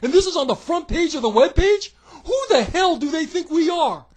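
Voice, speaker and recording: A man ranting as a wrestling vlogger, sarcastic, profane and mocking, often breaking into shouts. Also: very high-pitched, lively intonation, moderate pace. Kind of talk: comedic rant.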